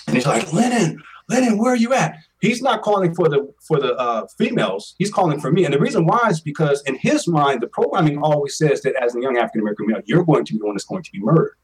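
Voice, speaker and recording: Earnest fast-talking man in his forties. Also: fairly high pitch, expressive, breathy edge, recorded from a distance, poor audio. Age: 40s. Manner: earnest, emphatic, repeats words. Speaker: interview guest. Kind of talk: personal storytelling.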